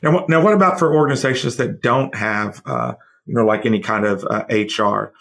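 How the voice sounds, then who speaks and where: Male interview host, low and gravelly, rambling and casual in his questions. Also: fairly quick, fairly bright tone. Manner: rambling, many fillers and restarts. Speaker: podcast host. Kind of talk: conversational interview.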